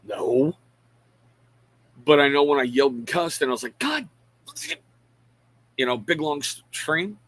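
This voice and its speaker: A man's voice: mid-range voice, moderate pace, pauses often, a bit bright, low-quality recording. A middle-aged man hosting a casual live stream. He rambles frankly, pokes fun at himself and greets chat viewers by name between thoughts. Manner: frank, self-deprecating. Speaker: live show host.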